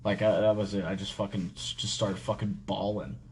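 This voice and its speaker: Low-voiced man telling a hard story. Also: level tone, a little mellow, a little hiss or hum. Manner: halting, heavy swearing, many fillers. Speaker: podcast host. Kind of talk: casual storytelling.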